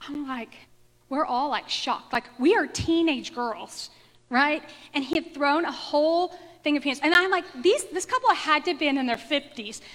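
Bright, high-voiced chatty woman storyteller. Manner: animated, chatty, self-mocking, acts out quotes. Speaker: speaker telling a personal story to a live audience. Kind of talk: storytelling talk. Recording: echoey hall with long reverb.

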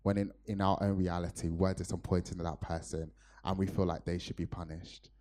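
Deep-voiced preacher from Nigeria. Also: male voice, level tone, brisk, mellow. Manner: earnest storytelling with fillers. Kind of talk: sermon.

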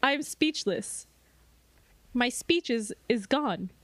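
A young woman co-hosting a casual comedy book podcast, giggly and playful, with sudden loud mock wails. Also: fairly high pitch, lively intonation, takes it slowly, no room sound. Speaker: podcast co-host.

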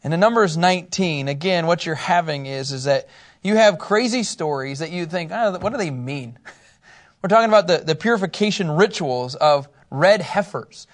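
A man teaching a Bible lesson to a small group in a conversational, animated way, laughing often. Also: on the high side, normal speed.

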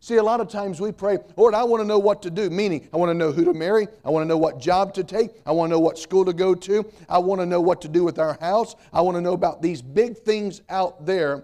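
A man's voice: sits high, brisk, hardly any pauses, dark tone. A middle-aged man preaching a sermon as pastor, emphatic, repeating key points and mixing in humor.

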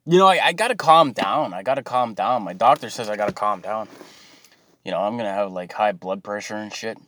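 A man's voice: on the low side, a little fast, pushed and bright. A man, ranting and swearing in a mocking, exasperated monologue to his viewers.

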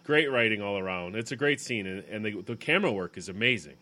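A man's voice: fairly low pitch, lively intonation, fast, pushed and bright. A man co-hosting a casual podcast chat, talking with enthusiasm. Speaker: podcast co-host.

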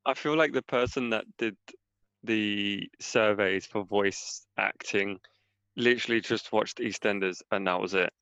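A man's voice: on the low side, unhurried, fairly bright tone, clean tone, no room sound, lo-fi sound. A young man in casual gaming chat as a podcast co-host, often stumbling and repeating words as he starts a thought.

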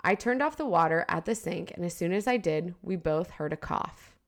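A woman co-hosting a podcast in casual chat, frank and quick to laugh, who also reads a spooky story aloud with asides. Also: lowish voice, animated. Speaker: podcast co-host.

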